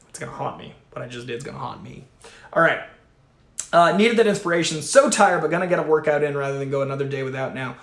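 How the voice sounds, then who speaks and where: A man hosting a livestream, reading viewer super chats aloud in an energetic, profane, chatty way. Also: on the high side, creaky. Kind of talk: casual livestream chat. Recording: echoey room.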